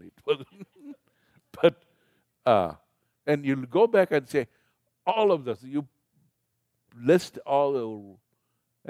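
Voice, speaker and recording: A man's voice: on the low side, darkish tone, no room sound. Older male preacher, conversational sermon, asks the congregation questions, dry close sound.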